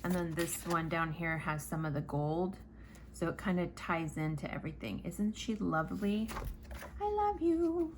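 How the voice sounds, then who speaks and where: Chatty woman with a low voice. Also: normal speed, a little hiss or hum. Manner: rambling, animated, casual swearing. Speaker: planner vlogger. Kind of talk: chatty storytelling while crafting.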